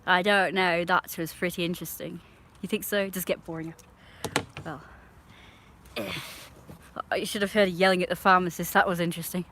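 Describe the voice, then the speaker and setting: A woman's voice: lowish voice, steady tone, normal speed, pauses often, sharp tone, a little hiss or hum. A woman chatting casually on a live stream, talking to her viewers and scolding her dog.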